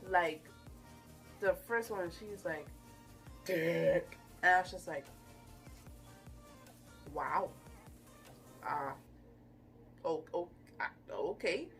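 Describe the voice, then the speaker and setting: Woman, casual reviewer, animated and gushy, medium pitch, faint music behind. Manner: animated and gushing, with playful asides. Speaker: YouTube reviewer.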